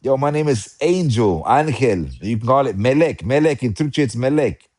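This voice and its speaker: A man with an American accent chatting casually about boxing, excitable and rambling, often repeating himself. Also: mid-range voice, moderate pace. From United States. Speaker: boxing commentator. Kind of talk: casual live chat.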